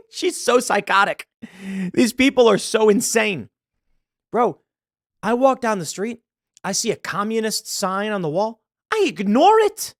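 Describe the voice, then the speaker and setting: An American man hosting casual political commentary, ranting with quick laughs and frequent restarts. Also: high voice, dry recording, studio quality. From United States. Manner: ranting, animated, laughs mid-sentence.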